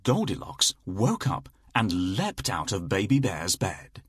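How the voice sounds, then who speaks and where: A man narrating a children's storybook in a slow, lilting read-aloud delivery. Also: sits low, wildly swooping pitch, a bit bright, faint music behind.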